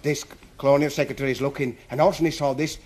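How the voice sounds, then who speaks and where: A man's voice: medium pitch, fairly even intonation, rapid-fire, darkish tone. A man telling stand-up jokes on stage, chuckling through his own stories. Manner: chuckling, chatty, dialect-heavy. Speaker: stand-up comedian. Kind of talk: stand-up comedy storytelling. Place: comedy stage.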